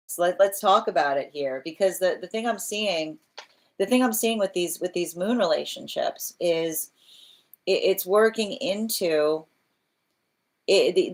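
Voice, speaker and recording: A woman giving a live tarot reading, earnest and repetitive, often restarting phrases and checking in with "right?". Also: on the low side. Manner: restarts phrases while thinking aloud. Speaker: tarot reader.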